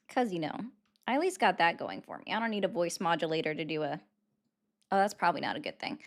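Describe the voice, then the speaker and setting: A woman's voice: lowish voice, animated, brisk, long pauses. Chatty woman hosting a live stream. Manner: chatty, self-deprecating, rambling. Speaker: livestream host taking callers. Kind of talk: casual livestream chat.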